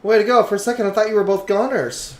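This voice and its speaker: A man's voice: high-pitched, quick pace, reverberant, soft background music, natural voice. A man voicing a bubbly, pushy teenage girl rival with a Valley Girl accent, reading game dialogue. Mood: eager.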